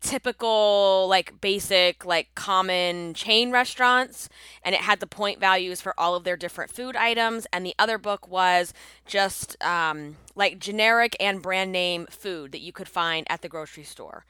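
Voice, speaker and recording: A woman's voice: mid-range voice, measured pace, pushed and bright, clean tone, no echo. A woman hosting a casual solo podcast, chatty and upbeat, sounding congested from allergies. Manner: chatty, upbeat, laughs often. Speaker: podcast host and coach.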